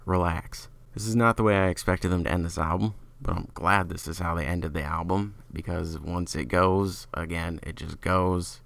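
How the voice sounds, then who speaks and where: Low, gravelly-voiced man reviewing an album. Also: steady tone, normal speed, few pauses, a bit bright, no echo. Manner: opinionated, rambling with frequent "like" fillers. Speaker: podcast host.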